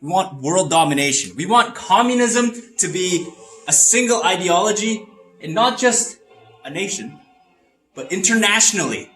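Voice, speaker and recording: A man playing a grandiose communist in a comedic lesson skit, lecturing in a drawn-out, emphatic way. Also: high voice, lively intonation, a bit bright. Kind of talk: comedic educational role-play. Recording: roomy echo, off-mic, faint music.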